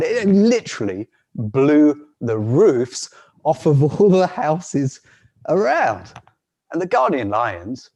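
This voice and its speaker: A man telling a folk tale on a video call in an unhurried way, with frequent restarts and soft laughs. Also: a little high, sing-song, breathy edge. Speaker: storyteller.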